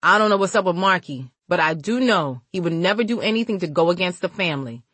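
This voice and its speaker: A woman's voice: fairly low pitch, lively intonation, fast, a bit bright, dry recording. A woman doing a blunt, loyal older brother. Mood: firm. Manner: blunt street slang, lecturing.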